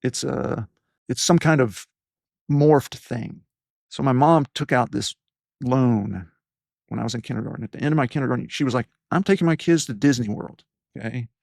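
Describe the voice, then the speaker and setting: Man, 50s, softened Southern accent, earnest storyteller, dry close sound. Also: medium pitch, normal speed, vocal fry, dry recording. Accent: softened East Tennessee Southern. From East Tennessee. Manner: earnest storytelling, acts out quoted voices. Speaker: podcast host as guest. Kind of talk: reflective interview talk.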